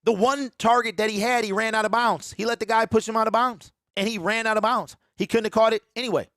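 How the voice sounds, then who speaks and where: Guy hosting a live sports stream, high voice, dry close sound, gets hyped and repeats himself. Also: quick pace, dry recording. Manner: excitable, repeats himself, mocks fans in a mimicking voice. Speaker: sports show host. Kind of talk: casual live sports talk.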